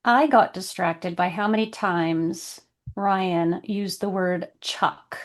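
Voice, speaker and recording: A woman co-hosting a podcast, making wry, deadpan jokes in casual chat. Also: lowish voice, slow. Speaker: podcast co-host.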